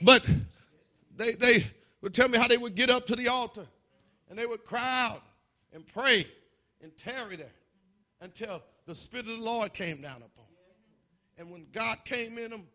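A man preaching a fervent sermon, building to shouts, stammering and repeating words, with laughing asides. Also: very high voice, moderate pace, long pauses.

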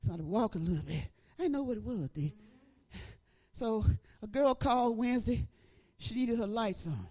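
A middle-aged woman preacher giving an animated testimony, breaking into praise and shouting at the peaks. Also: fairly high pitch, moderate pace. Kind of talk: testimony sermon.

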